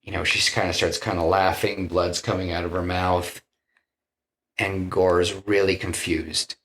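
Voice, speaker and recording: A deep-voiced man talks slowly and loosely on a podcast, walking through a film scene by scene. He now and then slips into the characters' lines with some drama, and restarts his sentences often. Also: flat delivery, a bit bright. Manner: retells scenes, acting out quoted lines; loose, rambling with restarts and "you know". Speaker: podcast co-host pitching a film. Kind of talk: casual storytelling chat.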